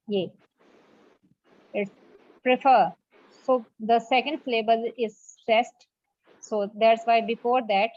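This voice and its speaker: A woman's voice: on the high side, no room sound. Patient woman teacher. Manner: patient, repeats points and checks with "okay?". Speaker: English teacher. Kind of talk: classroom lecture. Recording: muffled lo-fi classroom recording.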